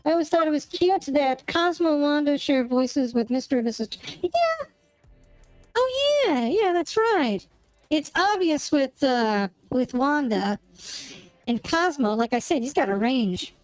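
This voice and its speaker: A woman's voice: high-pitched, lively intonation, normal speed, a little mellow, faint music behind, low-quality recording. A woman streamer chatting casually while she plays, rambling and searching for words as she goes. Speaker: gaming streamer. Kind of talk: casual chat while playing a game.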